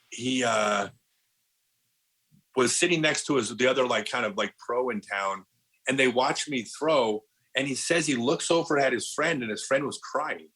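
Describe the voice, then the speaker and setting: A middle-aged man with a bright, forward voice chats on a podcast, spinning stories with lots of false starts. He leans on "like" and keeps circling back to his point. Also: mid-range voice, rough recording. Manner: animated storyteller, lots of restarts and "like". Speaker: podcast guest, disc golf pro. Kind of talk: casual podcast chat.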